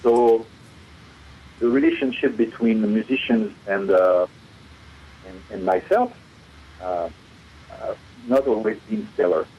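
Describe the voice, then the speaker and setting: A man's voice: fairly low pitch, lively intonation, a little slow, long pauses, slightly rough. A middle-aged man from France with a French accent, a guest musician talking in a casual radio interview, hesitant, with many fillers and restarts. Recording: dull lo-fi radio recording.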